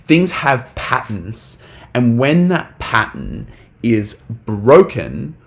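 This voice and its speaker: A man's voice: mid-range voice, huge pitch swings, drawn-out words, creaky. A young man teaching a live online English lesson, talking casually to the chat with lots of fillers.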